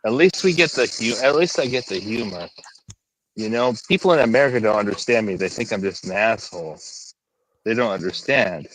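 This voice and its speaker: A man's voice: lowish voice, animated, a little fast, a bit bright, no room sound, low-quality recording. A man on a livestream panel who teases and presses with the same question over and over. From England. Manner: needling, repeats questions, teasing. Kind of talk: casual chat.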